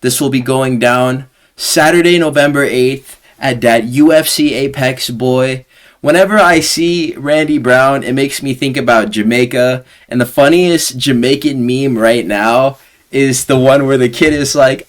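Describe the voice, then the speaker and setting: A man breaks down upcoming fights in a loose, casual monologue. His voice sits at an average pitch, and he jokes and uses crude slang as he goes. It sounds like a solo home recording. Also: animated, unhurried. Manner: joking, slangy, crude humor. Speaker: host of a fight predictions channel. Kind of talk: casual fight-prediction commentary.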